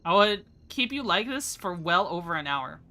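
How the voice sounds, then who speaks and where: Bright-voiced chatty woman streamer. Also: lowish voice, very animated, moderate pace. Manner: chatty, rambling, laughs often. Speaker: VTuber streamer. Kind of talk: casual live-stream chat.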